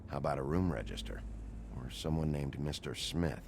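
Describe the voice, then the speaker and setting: An actor playing a gruff, weary male sheriff detective in a video game, questioning people bluntly. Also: extremely low pitch, lively intonation, normal speed, heavily acted. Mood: probing. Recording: game audio over ambient noise.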